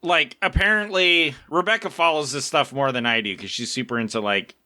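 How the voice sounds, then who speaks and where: A man's voice: fairly high pitch, a little fast, sharp tone. A man co-hosting a casual podcast, joking and wry in a skeptical way. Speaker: podcast co-host. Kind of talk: casual chat.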